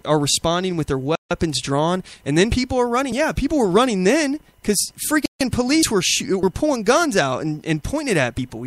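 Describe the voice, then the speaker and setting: A man's voice: high voice, dry recording. A man hosting a talk show, giving indignant, rambling commentary on video clips with many fillers and restarts. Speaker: podcast host.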